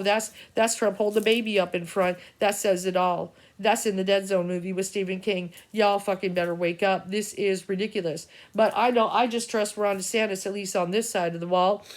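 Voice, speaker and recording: A middle-aged woman, an intuitive reader, rambling through an agitated, profane, stream-of-consciousness vlog rant. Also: mid-range voice.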